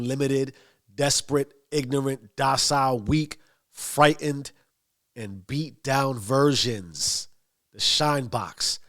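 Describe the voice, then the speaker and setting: A man's voice: mid-range voice, a bit bright. A man giving a motivational monologue, emphatic and given to long lists. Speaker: motivational speaker.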